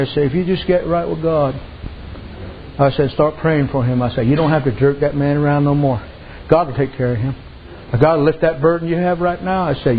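A man with a high-pitched voice preaches to his congregation in a folksy storytelling way, retelling his conversations with "I said" again and again. The recording is dull and lo-fi, with faint room ambience behind him. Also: slight background noise. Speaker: pastor. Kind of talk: sermon.

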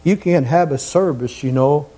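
A man preaching a fervent sermon in a church, sometimes rising to shouts. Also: fairly high pitch, normal speed.

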